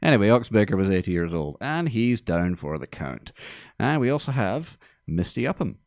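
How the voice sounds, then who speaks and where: A man hosting a casual movie podcast in a studio, talking in a dry, deadpan joking way. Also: on the low side, moderate pace, gravelly, no echo. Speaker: podcast host.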